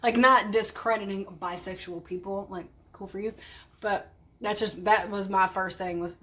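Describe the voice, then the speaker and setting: A woman's voice: mid-range voice, fairly even intonation, measured pace, fairly bright tone. A woman vlogging in casual chat, blunt and chatty, swearing freely. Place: parked car.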